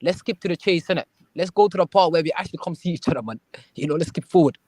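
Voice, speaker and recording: A man's voice: on the high side, fast talker, warm tone, no room sound. A young man on a live panel call, mocking and trash-talking another caller and laughing off his threats. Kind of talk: heated live panel argument.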